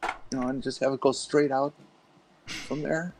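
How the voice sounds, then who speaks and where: A man's voice: mid-range voice, fairly even intonation, measured pace, background noise. A man in casual group chat on a call, musing aloud and swearing casually. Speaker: podcast guest.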